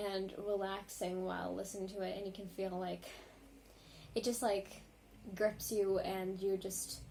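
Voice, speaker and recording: A woman vlogger reacting to music in a casual, rambling chat, full of ums and likes and quick apologies. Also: mid-range voice, darkish tone, slight background noise.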